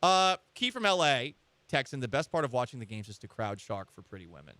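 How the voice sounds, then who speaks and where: A man hosting a sports radio show, talking in an animated, joking way with rambling asides. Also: mid-range voice, brisk, no room sound.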